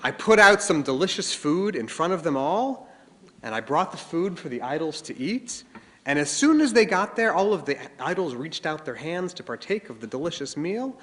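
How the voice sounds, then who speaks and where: A sly, innocent-sounding young boy, as a storyteller voices him explains himself in a lifted, lively voice. The tone is bright. A long hall reverb trails his words. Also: on the high side, normal speed.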